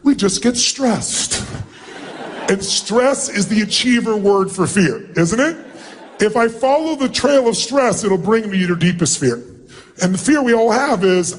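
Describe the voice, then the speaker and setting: A middle-aged man as a motivational speaker, addressing a huge live seminar crowd in an emphatic, commanding way and often shouting instructions. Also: high-pitched, animated, measured pace, slight background noise. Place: large event hall with thousands of people.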